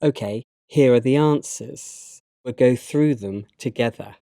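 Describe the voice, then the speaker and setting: A man with a British English accent, narrating a slide lesson and giving learners instructions in a measured, instructive way. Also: mid-range voice, warm tone, no echo, clean studio sound. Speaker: English teacher.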